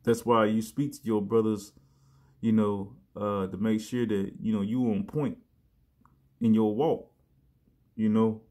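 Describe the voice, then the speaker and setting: A man giving a casual sermon, talking in a loose conversational way, often saying "man" and "you know", and reading verses slowly with emphasis. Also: on the low side, fairly even intonation, warm tone. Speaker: preacher.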